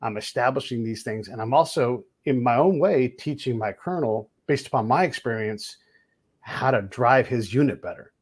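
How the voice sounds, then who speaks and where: A man hosting a podcast, telling blunt, animated anecdotes in a casual chat. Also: mid-range voice, normal speed, slightly rough. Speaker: podcast host.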